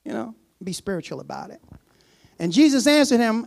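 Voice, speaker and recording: Animated preacher man with laughing asides. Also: a little fast, gravelly. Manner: reads scripture aloud, then breaks off with laughing asides; acts out the servant's words in a low, casual voice. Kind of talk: sermon.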